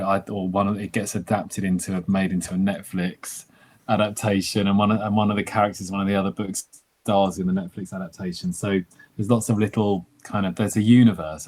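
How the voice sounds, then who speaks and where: A man's voice: sits low, level tone, brisk, a little mellow, a little hiss or hum. A man, a novelist, answering interview questions hesitantly with many fillers, on a video call.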